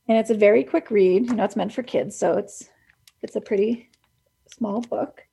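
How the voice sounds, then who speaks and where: A woman's voice: medium pitch, moderate pace, gravelly, warm tone, slightly rough. A woman hosting a radio show, chatting casually and enthusiastically about books and laughing easily. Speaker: radio host. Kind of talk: casual book chat on radio.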